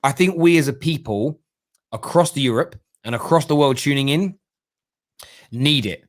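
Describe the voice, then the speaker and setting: A man's voice: mid-range voice, moderate pace, no room sound, clean studio sound. A man hosting a live football call-in show, chatting and reading out viewer comments. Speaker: host.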